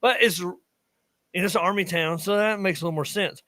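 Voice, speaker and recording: A high-pitched, bright, forceful male voice, a little fast, captured in a dry recording. The speaker is a man in his thirties from western North Carolina with an Appalachian accent, co-hosting a podcast, where he spins rambling tales in casual talk and frequently stops partway through sentences.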